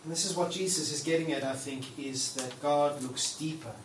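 A man preaching a conversational, animated sermon. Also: fairly high pitch, moderate pace. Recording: roomy hall from far off, faint noise.

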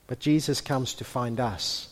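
A man preaching a sermon who builds to impassioned, near-shouted peaks and then drops to hushed tones. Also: medium pitch, fairly even intonation, unhurried. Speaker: pastor. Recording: long hall reverb.

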